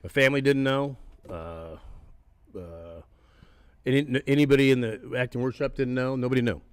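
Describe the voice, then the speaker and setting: Guy in his 60s telling old stories on a podcast, cusses a lot, laughs, dry close sound, mid pitch. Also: moderate pace, clear, resonant tone, dry recording. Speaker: podcast guest. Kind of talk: casual storytelling. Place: haunted attraction venue.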